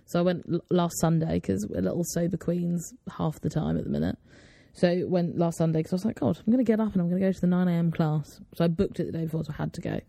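A young woman in her twenties co-hosts a relaxed podcast chat. Her voice is gravelly and mellow, sitting a little low, and she tells chatty stories with frequent laughter, recorded dry on a close mic. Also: fast, few pauses, no echo. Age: 20s. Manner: chatty storyteller, laughs often. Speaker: podcast co-host. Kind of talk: casual chat.

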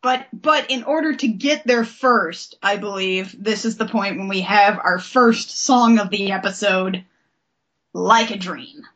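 A woman's voice: mid-range voice, unhurried, a bit bright. A woman co-hosting a podcast, chatting casually through a recap and laughing often. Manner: giggly, playful, laughs often. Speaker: podcast co-host.

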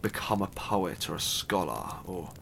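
A man's voice: low voice, animated, unhurried, vocal fry, a bit bright, a little hiss or hum. A man casually retelling a myth, chatty and irreverent, with asides and the odd swear. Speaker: storyteller.

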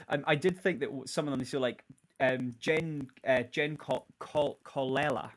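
A young man co-hosts a casual podcast. He rambles and fills pauses while hunting for the right word, with a mid-range voice. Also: mid-range voice. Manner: rambling, searching for words, many fillers. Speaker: podcast co-host. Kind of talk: casual chat about a musical.

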